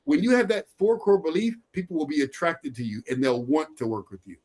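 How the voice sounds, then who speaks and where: A man's voice: fairly high pitch, very animated, fairly quick, a little mellow. A middle-aged man giving a motivational sales training talk, emphatic and repetitive, often breaking into laughter.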